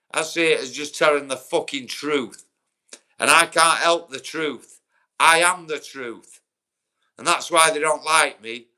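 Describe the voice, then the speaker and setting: A man's voice: a little high, pushed and bright. A young man with a Yorkshire accent, chatting bluntly and swearing on a livestream, answering viewers by name. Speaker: livestream host. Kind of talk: casual livestream chat.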